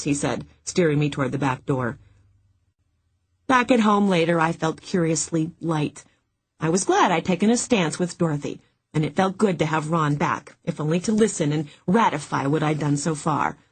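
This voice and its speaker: Husky, low-voiced woman narrator. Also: moderate pace. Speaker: audiobook narrator. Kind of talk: first-person audiobook narration.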